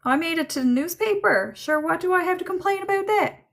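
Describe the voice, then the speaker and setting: A woman's voice: very high voice, animated, brisk, vocal fry, fairly bright tone, voice pushed up, heavily acted. A woman voicing a brash, joking male spirit with a cocky, dismissive, teasing manner.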